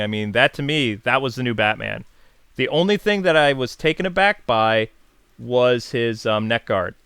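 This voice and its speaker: A man's voice: mid-range voice, a bit bright, smooth, dry recording. A man hosting a casual video channel, chatting enthusiastically and answering viewer questions with frequent fillers and self-corrections. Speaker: YouTube host.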